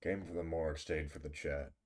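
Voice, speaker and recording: A man's voice: very deep voice, steady tone, fairly quick, a little mellow. A male streamer chatting casually with his live audience, teasing and bantering with some swearing, close to the microphone. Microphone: close desk microphone.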